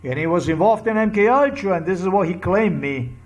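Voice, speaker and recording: A man's voice: high voice, animated, fairly quick. A man delivering an angry, repetitive monologue to camera, full of heated crude outbursts. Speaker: vlogger.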